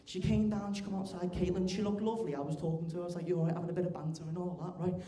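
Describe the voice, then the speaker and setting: Teenage comic, echoey club. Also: male voice, high-pitched, steady tone, rapid-fire. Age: teens. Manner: chatty, keeps asking "right?", bursts loud for acted bits. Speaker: stand-up comedian. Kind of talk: stand-up comedy routine. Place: large comedy club stage. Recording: echoey live club room.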